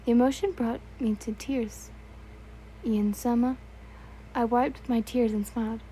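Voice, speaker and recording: A woman's voice: on the high side, steady tone, unhurried, mellow, slight background noise, rough recording. A young woman reading fan fiction aloud in a casual, stumbling way, correcting herself and adding asides.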